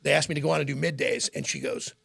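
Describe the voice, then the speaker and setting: A middle-aged man whose voice is deeply gravelly and rough. He tells long, rambling stories in a relaxed interview and often breaks into laughter. His pitch sits a little higher than most men's. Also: fast talker. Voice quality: gravelly, raspy. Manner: rambling, animated anecdotes with frequent laughs. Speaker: radio host as guest. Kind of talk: casual interview storytelling.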